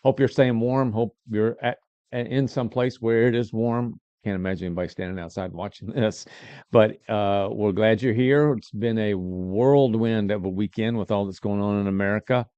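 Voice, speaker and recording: Low mellow-voiced host. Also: male voice, fairly even intonation, moderate pace, clean tone, dry recording, dull audio. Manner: easygoing, rambling, restarts often. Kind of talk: casual local talk show chat.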